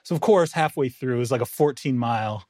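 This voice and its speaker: Animated man telling a story, dry studio sound. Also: medium pitch, quick pace, no room sound. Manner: animated storyteller, laughing often. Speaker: podcast co-host, NFL writer. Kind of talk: casual chat.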